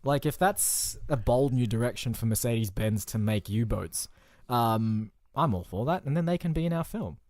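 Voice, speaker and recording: A man's voice: medium pitch, lively intonation, moderate pace, a little mellow, no echo, studio quality. Jokey rambling man on a podcast. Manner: rambling, jokey, spins absurd made-up stories. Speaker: podcast co-host. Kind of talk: casual comedic chat.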